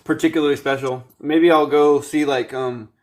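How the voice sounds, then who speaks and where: A young man in casual chat, asking quick questions and laughing easily. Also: fairly high pitch, fairly even intonation, poor audio.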